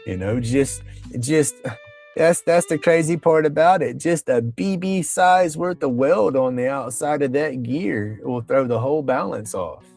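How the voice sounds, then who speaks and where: A man's voice: fairly high pitch, a little slow, creaky, darkish tone, soft background music. A man, hosting a livestream and telling a long story in a rambling, colloquial way, with plenty of swearing. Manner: rambling, colloquial, profane, with Southern phrasing. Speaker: livestream host. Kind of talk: casual storytelling chat.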